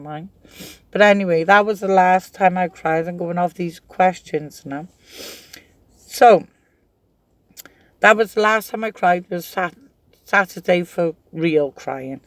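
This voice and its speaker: A middle-aged craft vlogger with a high-sitting voice rambles chattily through casual stories, laughing as he tells them. The recording is dry, with no echo.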